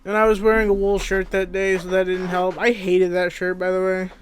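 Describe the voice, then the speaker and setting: A podcast co-host telling rambling stories in a deadpan, casual comedic chat. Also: mid-range voice, a little fast, slight background noise.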